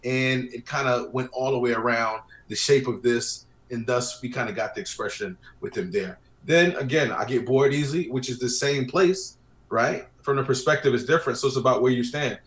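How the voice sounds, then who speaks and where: With a medium-pitched, fairly bright voice at a normal speed, this man tells wedding photography stories as a relaxed guest, performing his clients' lines as he goes. The room gives the audio noticeable echo.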